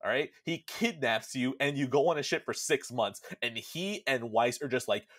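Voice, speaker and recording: Animated young man, swearing podcast host. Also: medium pitch, normal speed. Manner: animated, swears freely, acts out characters. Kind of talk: casual chat recapping a game.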